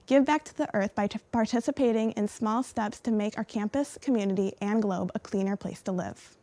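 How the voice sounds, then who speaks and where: A young woman co-anchoring a college TV newscast, reading announcements in a clear, upbeat way. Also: medium pitch, fairly quick, warm tone, dry recording. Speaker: news co-anchor.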